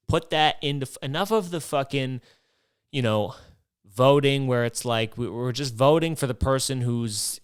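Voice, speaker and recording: A man's voice: medium pitch, a bit bright, clear, resonant tone, dry recording, clean studio sound. Profane ranting male podcast host. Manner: profane, rambling, rhetorical questions. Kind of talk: comedic rant monologue.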